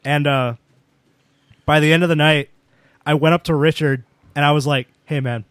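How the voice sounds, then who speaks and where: A man's voice: a little high, fairly even intonation, normal speed, fairly bright tone, dry recording. A young man casually telling rambling anecdotes with lots of fillers as a podcast co-host. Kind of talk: casual storytelling chat.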